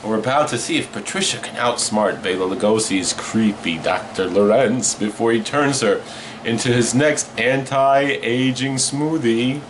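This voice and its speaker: A man playing a late-night horror movie host, hamming it up with jokes and Yiddish words. He takes his time, drawing out his lines, and the pitch sits right in the middle. A faint hum of noise lies under him. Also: a little slow. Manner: jokey, hammy, sprinkled with Yiddish words. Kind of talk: comic horror-host patter.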